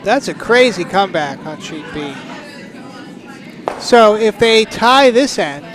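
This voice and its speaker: High-voiced man with teasing commentary. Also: expressive, slow pace, a bit bright, some chatter behind. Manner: dry, teasing humor. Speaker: curling commentator. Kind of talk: casual live sports commentary.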